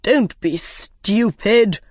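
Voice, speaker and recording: Bossy storybook king voiced by a woman reader, loud and stern, with slow, drawn-out commands and a dry, close sound. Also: mid-range voice, dry recording. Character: bossy, threatening king, adult man.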